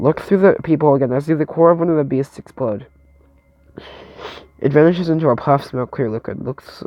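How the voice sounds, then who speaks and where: A man reads a story game aloud in the first person, tripping over words and starting them again. His voice is gravelly, and the recording is close and dry with no room sound. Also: mid-range voice, darkish tone, no room sound, rough recording. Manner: stumbling over words, restarting. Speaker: narrator and player.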